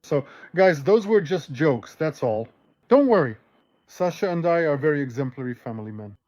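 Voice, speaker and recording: A man hosting a show and telling jokes in a lively, animated way. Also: a little high, normal speed, no echo, lo-fi sound. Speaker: host and joke teller. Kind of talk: casual joke telling.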